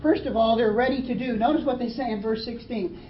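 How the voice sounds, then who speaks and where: A woman's voice: a little high, fairly even intonation, a little fast, reverberant, muffled recording, slight background noise. A woman preaching a sermon, earnest and emphatic, reading scripture aloud. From Australia. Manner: earnest, emphatic preaching with dramatic read quotes.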